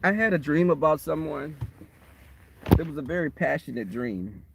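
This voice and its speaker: A man with a notably high voice chats loosely on a phone livestream, talking straight to his viewers. He tells animated, rambling stories and laughs often along the way. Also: normal speed, vocal fry, background noise. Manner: animated storytelling, laughs often, talks to the chat. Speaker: livestream host. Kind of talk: casual livestream chat. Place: waiting for a shuttle, outdoors or in transit.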